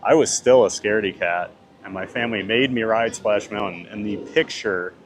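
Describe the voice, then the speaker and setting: A man's voice: lowish voice, normal speed, a crowd in the background. A man chatting casually on a live stream, reading out viewer comments and answering them. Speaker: theme park vlogger reading live chat. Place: outdoors at a theme park.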